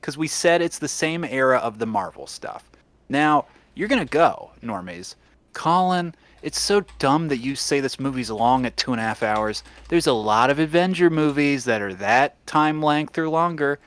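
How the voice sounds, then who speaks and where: Animated, opinionated podcast co-host, man. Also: mid-range voice, normal speed, no echo. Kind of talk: casual chat.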